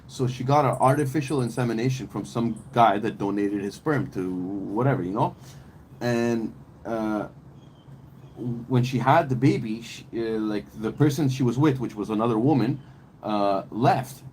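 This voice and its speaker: A man's voice: medium pitch, normal speed, a little mellow, a little hiss or hum, poor audio. Rambling, fired-up podcast man. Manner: rambling and emphatic, heavy slang and swearing, many restarts. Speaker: podcast host. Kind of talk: casual opinionated podcast chat.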